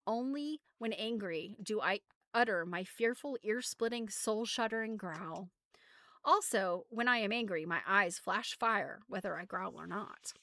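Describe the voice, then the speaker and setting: A woman's voice: medium pitch, a little slow, sharp tone, no echo. A woman reading as a proud storybook beast. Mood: boastful. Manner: proud and earnest. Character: boastful but gentle male beast, big, flat-footed.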